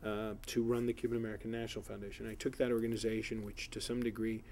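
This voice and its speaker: Man with a dark, flat voice, rambling. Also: on the low side, quick pace, slight background noise. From South Florida. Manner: rambling, many fillers and restarts. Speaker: political candidate. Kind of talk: editorial board interview.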